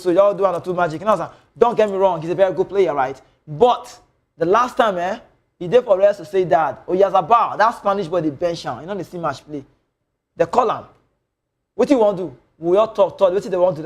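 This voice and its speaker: Nigerian male sports presenter, high voice, rambling and opinionated, slips into Pidgin. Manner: mixes Nigerian Pidgin into English, animated and rambling. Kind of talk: opinionated football news commentary.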